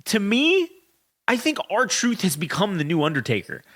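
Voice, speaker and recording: A man co-hosting a casual podcast chat, telling stories in an animated, profane way. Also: sits high, normal speed. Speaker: podcast co-host.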